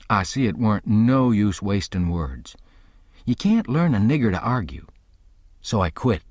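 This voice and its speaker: A man's voice: lowish voice, sing-song, measured pace, darkish tone, dry recording, studio quality. A man narrating an audiobook in the first person, telling the story in a folksy rural dialect.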